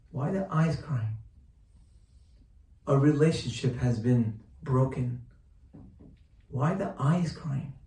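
A man's voice: medium pitch, warm tone. Man teaching Torah, echoey and far. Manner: rhetorical questions, repeats phrases for emphasis; quotes Hebrew texts, then translates. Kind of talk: sermon-style Torah lesson.

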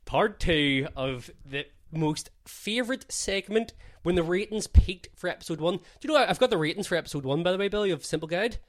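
A man's voice: sits high, animated, fairly quick, hardly any pauses. A man hosting a casual podcast, playful and teasing as he runs a game with his co-host. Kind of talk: casual chat.

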